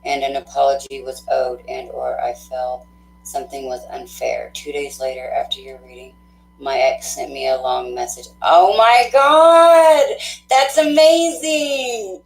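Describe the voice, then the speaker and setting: A woman with a low voice chats casually with viewers of her live tarot stream. She is effusive, laughs easily and thinks out loud with plenty of fillers. The sound is roomy and echoey, with a faint hum underneath. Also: flat delivery, moderate pace, vocal fry.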